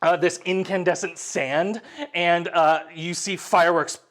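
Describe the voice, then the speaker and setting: A man narrating a tabletop game as game master, animated, with many fillers and laughs. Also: high voice, unhurried, slight background noise.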